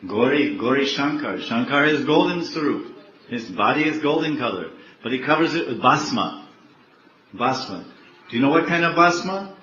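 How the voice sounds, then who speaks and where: A man gives a lively sermon as a monk, telling stories and asking his listeners questions. His voice is mid-pitched and sounds muffled and dull. It echoes around the room, with faint noise behind it. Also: moderate pace. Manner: lively, asks the audience questions, acts out characters. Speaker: monk giving a talk. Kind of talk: sermon with acted storytelling.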